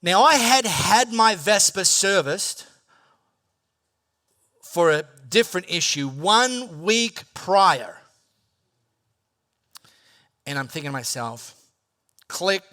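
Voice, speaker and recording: A man preaching a sermon, telling personal stories in an animated, playful way and acting out his own reactions. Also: sits high, slow, pauses often. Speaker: pastor.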